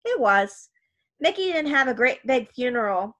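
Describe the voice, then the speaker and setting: A woman reads a first-person audiobook with a fairly high voice. Her storytelling is even and steady. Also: moderate pace, highs cut off. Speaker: audiobook narrator.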